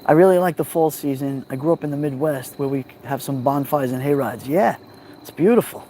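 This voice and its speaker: A man with a New York accent hosting a relaxed livestream from a backyard fire pit at night, greeting viewers by name on a phone. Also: mid-range voice, fairly quick, a little hiss or hum. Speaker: livestream host. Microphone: phone held near the fire.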